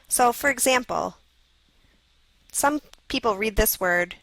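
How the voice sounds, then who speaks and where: A woman with a gravelly edge reads a scripted phonics lesson, slowly and clearly sounding out each letter. The recording is dry and close, with no room sound. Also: mid-range voice, expressive, a bit bright, dry recording, rough recording. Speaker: lesson video narrator. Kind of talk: scripted instructional narration.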